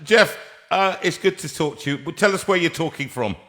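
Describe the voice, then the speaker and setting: A man's voice: fairly high pitch, lively intonation, a little fast, a bit bright. A man hosting a live show, chatting casually and jokily with a guest, with frequent restarts. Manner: chatty, jokey, trailing restarts. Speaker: host. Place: studio room.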